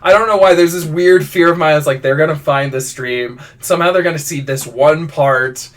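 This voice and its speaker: A man's voice: a little high, normal speed. A man live-streaming his writing, rambling casually through viewer prompts with lots of restarts and self-deprecating asides. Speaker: fiction writer live-streaming. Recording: voice somewhat far from mic.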